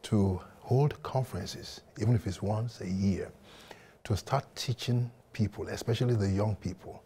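A man's voice: fairly low pitch, normal speed, warm tone, a little hiss or hum. A man hosting a TV interview, asking questions and encouraging his guest with short affirmations. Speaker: TV interview host. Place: TV studio.

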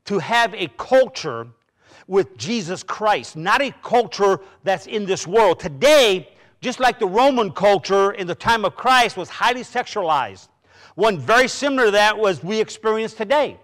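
A middle-aged pastor preaches a sermon in a church sanctuary, speaking conversationally with personal stories and frequent restarts. His voice is high and a bit bright, with lively intonation at a normal speed.

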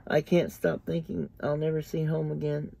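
A man's voice: on the high side, flat delivery, normal speed, vocal fry, dark tone, husky, heavily acted. A man reading an audiobook aloud, voicing a frightened, homesick young country man in a mumbling, lifeless way. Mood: despairing.

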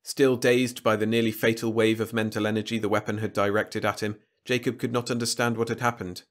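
A man narrating a science-fiction story aloud in an even, measured storytelling voice. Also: fairly low pitch. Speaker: audiobook narrator.

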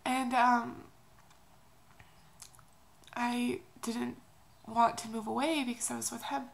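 Tearful high-pitched woman, halting. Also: flat delivery, gravelly, poor audio. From Oklahoma, USA. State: crying. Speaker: vlogger. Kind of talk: personal confessional vlog.

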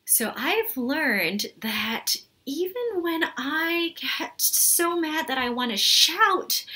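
A young woman, a music therapist, gently encouraging young children through a music lesson and singing along. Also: sits high. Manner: sings along with guitar.

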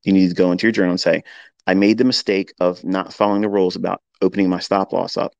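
A man's voice: deep voice, level tone, quick pace, vocal fry, no echo, highs cut off. A man who teaches trading, giving an earnest lecture on a live audio chat and often repeating his points. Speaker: trading educator.

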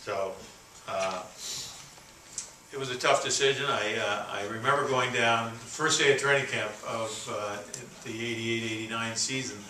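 A man in his sixties from Canada giving a keynote speech, telling stories in a folksy, halting way full of fillers and restarts. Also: medium pitch, bright, forceful tone, slight background noise. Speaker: keynote speaker. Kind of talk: storytelling speech. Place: conference hall. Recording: roomy, distant venue recording with faint ambience.

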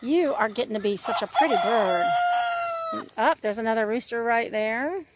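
A woman's voice: a little high, animated, normal speed, very noisy. A woman giving a casual walk-and-talk tour of her homestead, chatting to her animals. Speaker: homesteading vlogger. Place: outdoors on a homestead with poultry.

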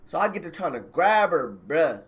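Casual male streamer, a touch high-pitched, loose slangy storytelling to his audience over a phone mic. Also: very animated, moderate pace, slight background noise. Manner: slangy, rambling, addresses viewers directly. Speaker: live streamer telling a personal story.

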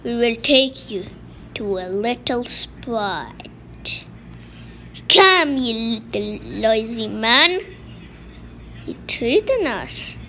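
Woman doing a bossy kidnapper boss, high voice, slow steady threats, home role-play, faint room noise. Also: heavily acted. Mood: menacing. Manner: bossy, repeats threats and orders.

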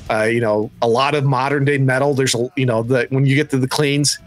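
A man's voice: medium pitch, fairly even intonation. A man co-hosting a metal music podcast in casual chat, swearing freely and laughing often. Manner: profane, enthusiastic, quick to laugh. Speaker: podcast co-host.

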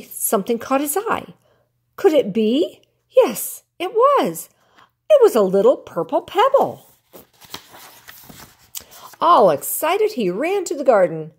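An older woman, a grandmother, reading a children's picture book aloud in an expressive, animated way. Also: on the high side, slow pace, breathy edge. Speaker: storyteller grandmother.

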